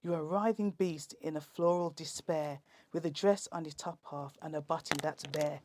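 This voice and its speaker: A woman performing comic rhyming poems in a lively, theatrical way. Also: low voice, normal speed, no echo. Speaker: comic poet guest.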